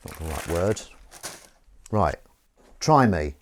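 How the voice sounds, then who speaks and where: Male streamer, low voice with big swings, rambling and self-deprecating, faint background noise. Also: slow pace, pauses often. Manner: rambling, self-mocking and animated. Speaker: livestream host. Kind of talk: casual live-stream chat. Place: outdoors in wind.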